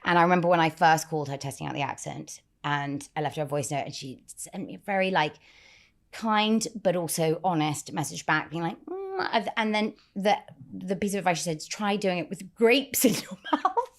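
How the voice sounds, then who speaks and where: A woman's voice: low voice, brisk. A woman with an English accent chatting in an interview about learning accents, talking animatedly and swearing now and then. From England. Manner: animated, talks with her hands about accents, swears casually. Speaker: guest actor. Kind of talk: casual interview chat.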